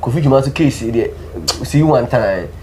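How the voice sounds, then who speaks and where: Animated Ghanaian man pressing questions. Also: medium pitch, normal speed, slight background noise. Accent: Ghanaian English. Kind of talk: political talk show debate.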